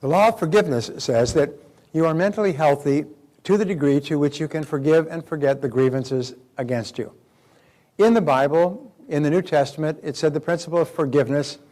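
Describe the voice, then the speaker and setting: Lively male seminar speaker. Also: on the high side, brisk. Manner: animated, acts out quoted dialogue. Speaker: motivational speaker. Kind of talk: live seminar talk. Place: live seminar room.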